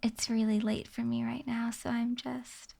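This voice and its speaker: A woman streamer chatting in a soft, half-whispered ASMR voice, giggling often and sounding sleepy. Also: fairly high pitch, little pitch movement, unhurried, creaky. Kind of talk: soft-spoken ASMR chat. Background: rain ambience.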